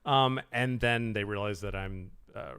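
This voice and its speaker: A man hosting a podcast, telling stories in an animated, self-mocking way. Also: fairly low pitch, unhurried, smooth. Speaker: podcast host. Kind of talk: casual conversational chat.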